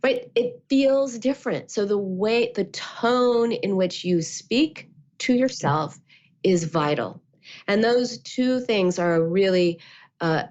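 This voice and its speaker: A woman, a therapist and author, giving calm, measured answers as a guest and acting out quotes as she explains. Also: fairly low pitch. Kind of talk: interview answers. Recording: muffled lo-fi audio.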